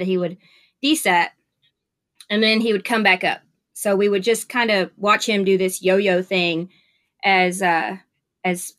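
A woman's voice: medium pitch, a bit bright. A woman with a Southern US accent, a nurse, chatting casually in an interview and telling stories with lots of fillers. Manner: chatty, upbeat storyteller with many fillers.

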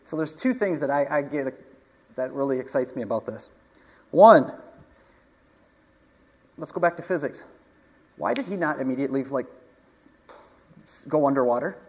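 Chatty preacher in a reverberant hall. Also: male voice, medium pitch, lively intonation, normal speed, pauses often, darkish tone. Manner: conversational, asks the audience questions, chuckles often. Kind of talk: casual sermon.

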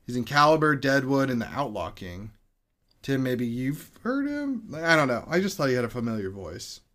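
A man's voice: mid-range voice, sing-song, normal speed, a bit bright. Casual rambling man podcast host. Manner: casual, rambling, stumbles over names. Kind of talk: casual chat.

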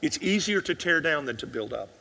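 A man's voice: fairly high pitch, very animated, a little fast, gravelly, pushed and bright, in a large hall. A male pastor preaching a sermon, asking the congregation rhetorical questions and sometimes dropping almost to a whisper for emphasis.

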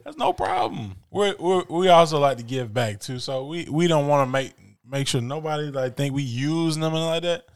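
A man's voice: a little high, normal speed, hardly any pauses, smooth. A man co-hosting a casual chat, telling stories with slang and frequent laughter. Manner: animated, laughing, slangy storytelling. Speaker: podcast co-host. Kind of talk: casual chat about sneakers.

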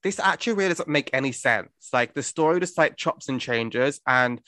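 A man's voice: mid-range voice, lively intonation, moderate pace, bright, forceful tone, dry recording. A man in casual conversation, animatedly mocking a film's characters with profane jokes. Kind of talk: casual film review chat.

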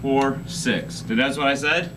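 His mid-range voice comes a little slow over a very noisy recording. He owns a music store and runs a laid-back local TV show there, bantering on camera and taking phone calls, playful and rambling but winded and tired.

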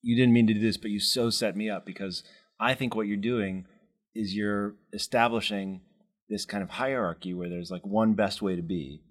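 A man in a casual chat, talking in a measured, thoughtful way and gently pushing back. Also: lowish voice, steady tone. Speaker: co-host.

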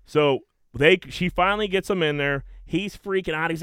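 A man in his thirties from Pittsburgh telling a long anecdote in casual podcast chat, swearing and animated. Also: high-pitched, fairly quick, dry recording. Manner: animated anecdote teller, swearing, many fillers. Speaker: podcast co-host.

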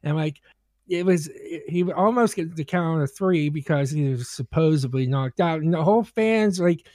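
A man's voice: fairly high pitch, normal speed, dark tone, no room sound. A man co-hosting a casual podcast, talking hesitantly with many fillers and some swearing. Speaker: podcast co-host. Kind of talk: casual banter.

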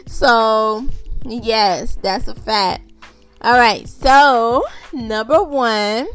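A woman's voice: a little high, takes it slowly, fairly bright tone. A chatty woman hosts her podcast with loose, unscripted talk. She repeats her phrases and speaks straight to her listeners as y'all. Faint music plays underneath her voice. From Haitian background. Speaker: podcast host.

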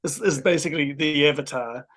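A man with a slightly raised voice hosts a relaxed podcast and jokes around with his co-hosts. His talk is playful and loose. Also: a little high, brisk. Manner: playful, jokey. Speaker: podcast host. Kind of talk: casual podcast chat.

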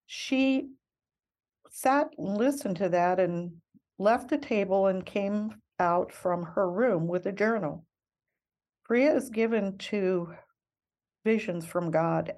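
A woman's voice: fairly low pitch, slow pace, a little mellow. An older woman, a missionary guest in an interview, telling her story in an earnest, reflective and heartfelt way.

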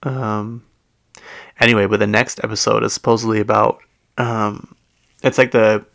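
Speaking at normal speed, a man hosting a podcast rambles through casual chat, full of fillers and self-corrections. His lowish voice is creaky and fairly bright, with little pitch movement.

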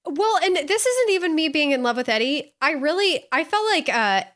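A woman's voice: high-pitched, big pitch swings, normal speed, a bit bright. A woman co-hosting a podcast, chatting casually and enthusiastically, often correcting herself mid-sentence. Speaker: podcast co-host. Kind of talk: casual chat.

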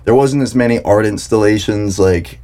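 A young man from South Carolina hosting a podcast in relaxed casual chat, rambling and saying "dude" and "like" a lot. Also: lowish voice, moderate pace. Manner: laid-back, rambling, heavy on "dude" and "like". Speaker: podcast host.

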